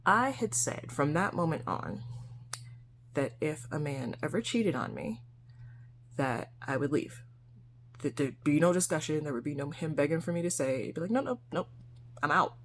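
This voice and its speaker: A young adult woman telling a candid personal story in a casual vlog, sometimes dropping to a soft whisper. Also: deep voice, animated, moderate pace, a little hiss or hum. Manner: candid, conversational, frequent soft whispered asides. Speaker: vlogger.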